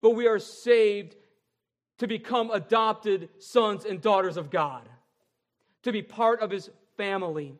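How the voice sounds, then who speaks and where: A pastor preaches from the pulpit in a voice a little high for a man. He hits key phrases emphatically, drawing them out slowly and repeating them, then drops to quieter, lower lines, moving between loud and soft.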